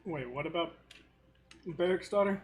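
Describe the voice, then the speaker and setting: A man's voice: fairly high pitch, normal speed. A man running a live tabletop game as game master, reacting casually to the players.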